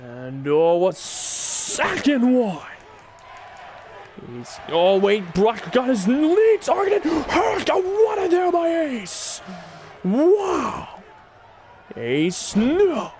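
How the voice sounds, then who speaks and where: A man doing excitable play-by-play commentary on a wrestling video game, often breaking into shouted exclamations. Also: very high voice, extremely slow, slight background noise. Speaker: gaming channel host.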